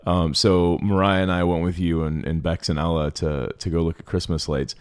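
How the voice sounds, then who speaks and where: A man's voice: low voice, clean tone. A man from the United States co-hosting a casual podcast from a friend's kitchen, easygoing and rambling. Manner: easygoing, rambling, quick to laugh. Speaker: podcast co-host. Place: friend's kitchen used as a studio.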